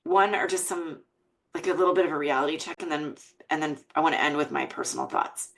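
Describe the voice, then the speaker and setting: Female podcast host, American, low-pitched, heartfelt and earnest delivery. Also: expressive, fast, fairly bright tone, low-quality recording. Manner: earnest and emotional, reading quotes aloud.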